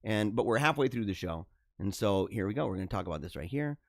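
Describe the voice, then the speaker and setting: A man hosts a livestream of casual live commentary, mocking and theatrical, laughing at his own jokes. His voice is on the low side, expressive, fast and gravelly. The recording is dry with clean studio sound.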